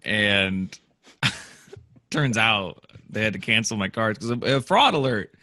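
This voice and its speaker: A man's voice: lowish voice, expressive, slow pace, pushed and bright, no room sound, studio quality. A man in casual chat, adding jokes and laughter to a friend's story.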